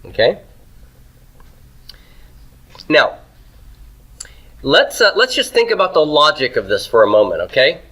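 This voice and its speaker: A man's voice: on the high side, huge pitch swings, a little slow, long pauses, sharp tone, low-quality recording. A man teaching Hebrew grammar to a class. He writes on a board as he goes, asks students questions and keeps checking in with "okay?" and "right?". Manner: asks the class questions and answers them himself; writes on a board while he talks.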